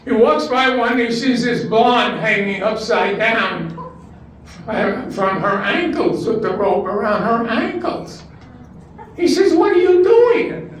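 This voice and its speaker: A man's voice: high voice, lively intonation, slow, a bit bright, a little hiss or hum. An older man from Brooklyn tells jokes in a stand-up act at a talent show and chuckles at his own punchlines. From Brooklyn, New York. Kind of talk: stand-up joke telling. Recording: distant, very echoey hall recording.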